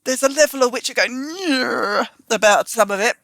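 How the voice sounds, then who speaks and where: A woman with a bright, forward voice chats about her work as a publisher. She tells stories in an animated, chatty way, with plenty of restarts, and the sound is dry and close. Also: fairly high pitch, fast, no room sound. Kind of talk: casual conversation.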